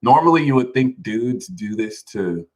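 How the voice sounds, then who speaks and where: Animated man chatting on a livestream. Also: medium pitch, a little slow, rough recording. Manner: animated, laughs often, reads chat names aloud. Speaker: livestream host. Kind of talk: casual livestream chat.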